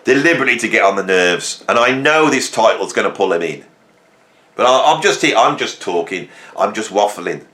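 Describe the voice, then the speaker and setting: A man's voice: on the low side, animated, brisk, bright, forceful tone. A man from England hosting a rambling comic monologue, joking and telling stories with sudden jumps in his voice. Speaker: host.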